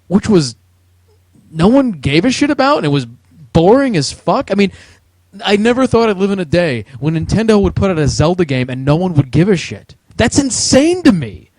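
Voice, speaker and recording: A man's voice: high voice, darkish tone, no echo. Swearing, ranting man with a Jersey accent. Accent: New Jersey. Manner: heated, sweary, mocking. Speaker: podcast co-host. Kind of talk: profane ranting chat.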